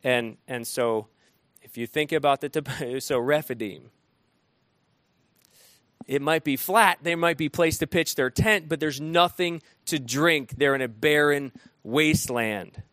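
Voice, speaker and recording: Male pastor, slightly high voice, plain conversational preaching, dry close-miked sound. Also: measured pace, a bit bright, no room sound. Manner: conversational preaching with frequent restarts and dramatized quotes. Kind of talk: sermon.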